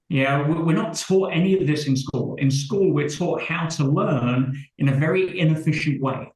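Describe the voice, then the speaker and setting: A man's voice: fairly high pitch, reverberant, rough recording. A man speaking as an interview guest, explaining his ideas in an articulate way. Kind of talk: interview answer.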